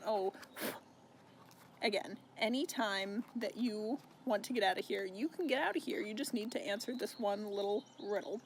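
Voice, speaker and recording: A man's voice: high-pitched, slight background noise. A young man casually recapping a novel, chatty and swearing freely. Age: young adult. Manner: chatty, swears, laughs while recounting. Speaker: book vlogger.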